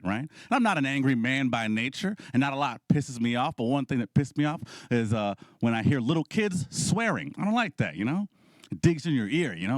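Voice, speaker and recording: Male comic emcee, lively delivery, dry close sound. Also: medium pitch, no echo. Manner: animated storytelling with audience asides. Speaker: comedy showcase host. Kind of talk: stand-up comedy. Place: comedy club stage.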